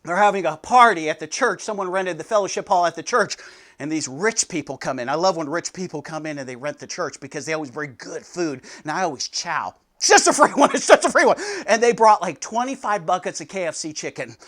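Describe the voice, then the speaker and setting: A man giving a devotional sermon, telling a story with sudden swings between loud and soft. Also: a little high, brisk. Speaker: pastor.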